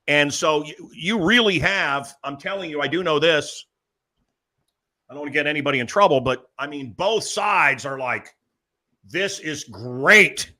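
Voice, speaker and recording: A male talk show host with a bright, forceful voice that sits a bit high for a man. He talks in animated, emphatic bursts, leaning in with asides between louder pushes. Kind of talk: excited talk show chat.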